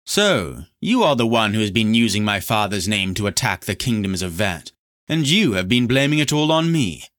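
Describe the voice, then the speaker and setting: A proud young prince answers coldly and defiantly, his words clipped, as a man acts him out. The tone is bright and forceful, read like a fantasy audiobook. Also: lowish voice, big pitch swings, moderate pace, no room sound, studio quality. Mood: dry.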